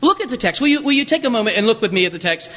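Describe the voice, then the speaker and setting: A male pastor delivers a sermon in a high, swooping voice. His tone is bright and lively, mixing humor and asides with teaching. The sound carries a long reverb from a church sanctuary. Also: racing. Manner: animated storytelling with humor and asides.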